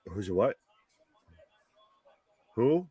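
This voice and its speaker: On this live wrestling watch-along, the host's voice sits on the low side, sing-song and mellow with a breathy edge, and he speaks extremely slowly. He jokes, swears freely and laughs at his own lines in casual reaction chat, recorded with no room sound.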